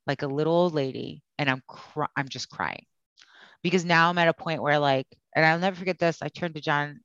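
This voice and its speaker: A woman's voice: low voice, fairly bright tone, dry recording, muffled recording. A woman guest telling her story in a candid, conversational way. She speaks bluntly, swears freely and acts out the lines of the people in her story.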